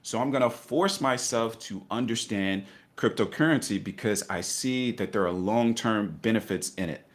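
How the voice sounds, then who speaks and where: A man's voice: fairly low pitch, normal speed. A middle-aged man telling his investing story in a casual interview, acting out voices with laughter. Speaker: guest investor.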